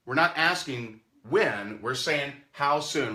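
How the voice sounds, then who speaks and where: Bright-voiced animated male sales coach. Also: mid-range voice, takes it slowly, hardly any pauses. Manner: animated, acts out phone calls in goofy voices. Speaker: network marketing trainer.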